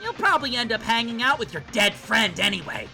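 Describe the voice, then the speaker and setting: A man doing a high, taunting cartoon bear. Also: very animated, a little fast, sharp tone, faint music behind, exaggerated voice. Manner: taunting, cackling. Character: mocking male cartoon bear, gleeful and spiteful. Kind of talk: reading game dialogue aloud.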